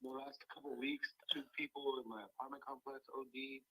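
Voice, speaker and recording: A man talking calmly as a guest, calling in from outdoors on a balcony. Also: mid-range voice, brisk, slightly rough, poor audio. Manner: calm, laid-back, short answers. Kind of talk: casual chat.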